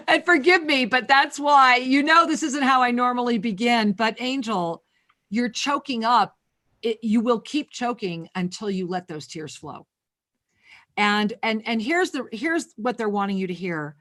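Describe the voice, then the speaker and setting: A woman hosting a spiritual talk radio show, effusive with callers and giving intuitive readings in a soft, flowing way. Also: fairly high pitch, unhurried. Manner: effusive, calls callers sweetheart and angel.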